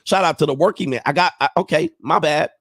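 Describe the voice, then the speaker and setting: A man's voice: fairly high pitch, quick pace, a bit bright, dry recording, studio quality. Rambling man hosting a sports livestream. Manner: rambling, thinks aloud, chuckles often. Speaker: sports show host. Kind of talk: casual livestream sports chat.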